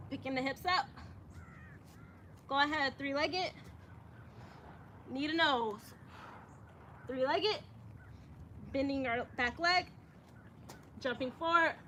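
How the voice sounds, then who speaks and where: Woman yoga teacher, high bright voice, chatty and encouraging, outdoors with faint ambience. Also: slow, pauses often, a little hiss or hum. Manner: chatty, encouraging, says y'all a lot. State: out of breath at times. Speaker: yoga instructor. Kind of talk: guiding a yoga practice. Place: outdoors in the sun.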